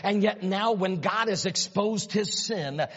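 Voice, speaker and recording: A man preaching a sermon, retelling a story dramatically and swinging from hushed asides to loud, rising exclamations. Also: high voice, unhurried. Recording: dull sound with long reverb in a hall.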